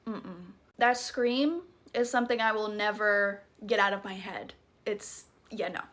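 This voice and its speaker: A woman's voice: medium pitch, unhurried, a bit bright. A young woman with a Southern US accent, dramatically telling a scary story in a chatty, profane, casual way. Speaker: TikTok creator.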